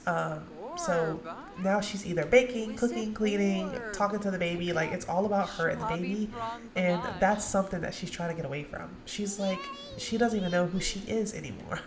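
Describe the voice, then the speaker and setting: In an echoey room with crowd noise in the background, a woman with a fairly low voice gives quick, casual commentary on her gameplay. She addresses her viewers directly as a let's play narrator.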